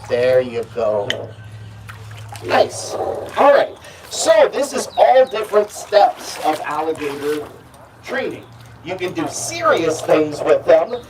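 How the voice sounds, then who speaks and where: A man's voice: a little high, distant mic, noisy background. Playful man coaxing gators outdoors. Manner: playful, chatty, coaxing the animals. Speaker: alligator handler presenting to visitors. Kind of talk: casual live demonstration talk. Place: outdoor alligator enclosure.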